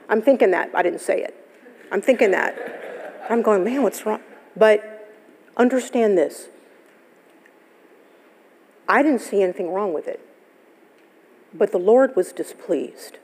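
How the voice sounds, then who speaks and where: Gravelly-voiced woman pastor preaching. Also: medium pitch, lively intonation, takes it slowly, long pauses, a little mellow, a little hiss or hum. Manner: storytelling, conversational, laughs often. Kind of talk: sermon. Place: church sanctuary. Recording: live church service, long hall reverb.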